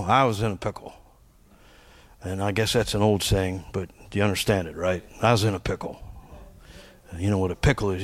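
A man with a lowish voice preaches a conversational sermon in a folksy, joking manner. He laughs often, swinging between quiet asides and loud punchlines.

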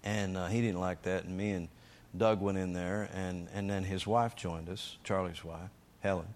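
A man preaching, telling a testimony story in an emphatic, energetic way and acting out the lines he shouted. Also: low voice, moderate pace.

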